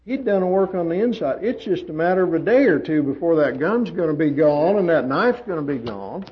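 A man preaching a sermon, swinging from loud emphatic peaks down to quiet asides. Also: animated, fairly quick. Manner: emphatic, rising to loud high peaks then dropping quiet. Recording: dull lo-fi sermon recording.

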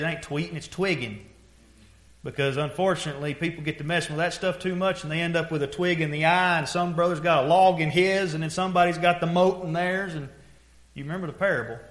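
A preacher delivers a sermon in a folksy, storytelling way, dropping low and quiet, then rising to loud exhortation. His voice sits a little high for a man. The room around him rings with echo.

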